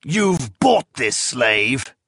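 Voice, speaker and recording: Shrill furious emperor, a man putting him on. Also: sing-song, slow pace, fairly bright tone, no echo, clean studio sound, full character voice. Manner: shrill, accusing outbursts. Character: volatile suspicious male emperor, imperious.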